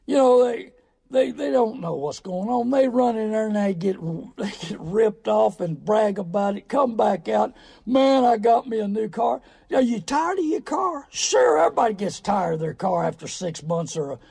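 A middle-aged man delivers a folksy, sermon-like radio monologue, his voice high-pitched and rough with gravel. The tone is dark and mellow, and he breaks into emphatic, loud bursts now and then. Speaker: radio show host on car buying. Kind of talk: preachy talk radio monologue.

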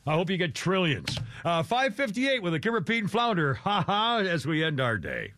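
A man's voice: high-pitched, wildly swooping pitch, moderate pace, pushed and bright, dry recording, studio quality. A man hosting a radio show in casual chat, rambling and restarting his sentences.

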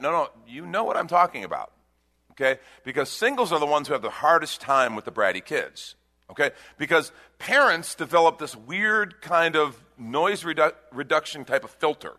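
A man preaching a sermon as pastor, animated, acting out little voices. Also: fairly high pitch, a little fast.

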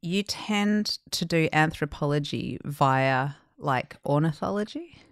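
A woman's voice: low voice, animated, slow pace, dry recording, clean studio sound. A woman co-hosting a podcast, teasing her co-host with wry remarks in casual chat.

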